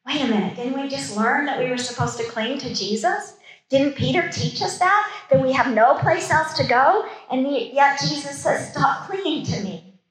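A woman's voice: high voice, normal speed. Woman teaching scripture in an echoey room. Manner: reads scripture, then comments in casual asides. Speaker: Bible teacher. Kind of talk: Bible study sermon. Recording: roomy echo.

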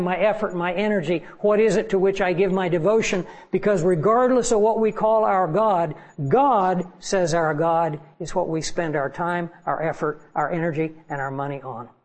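A man's voice: high-pitched, a little mellow, rough recording. A man preaching a sermon as pastor, earnest and pleading with his congregation.

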